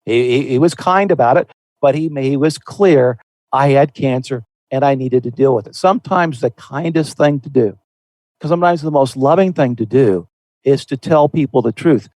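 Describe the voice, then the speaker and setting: A man's voice: medium pitch, moderate pace, darkish tone, no room sound. Earnest man in a dry studio. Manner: earnest, folksy explaining with restarts. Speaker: podcast host. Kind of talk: conversational Christian podcast discussion.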